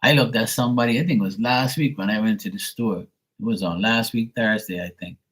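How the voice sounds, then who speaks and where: A man's voice: lowish voice, fairly quick, a bit bright, slightly rough, rough recording. A man chatting casually on a live stream, rambling and swearing with lots of fillers. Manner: rambling, profane, with many fillers. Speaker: live stream tarot reader. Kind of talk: casual livestream chat.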